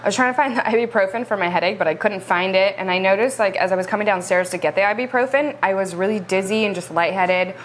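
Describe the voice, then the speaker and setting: A young woman chats to the camera at a quick clip, animated and laughing between bites of food. Her voice sits at an ordinary middle pitch, with a faint hum of room ambience behind her. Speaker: vlog co-host. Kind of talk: casual storytelling to camera.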